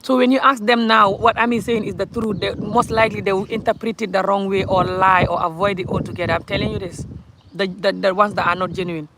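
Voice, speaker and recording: A woman's voice: mid-range voice, steady tone, fairly quick, background noise. A woman from Gambia with a Gambian accent, talking bluntly and emphatically to camera in a vlog rant, often breaking into laughter. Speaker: vlogger. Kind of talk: ranting vlog monologue.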